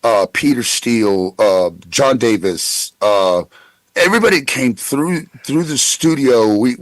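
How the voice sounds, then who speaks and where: A man's voice: medium pitch, lively intonation, unhurried, dry recording, low-quality recording. Man, forties, guest voice actor, rambling anecdotes, stammered restarts, dry close sound. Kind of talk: casual interview storytelling.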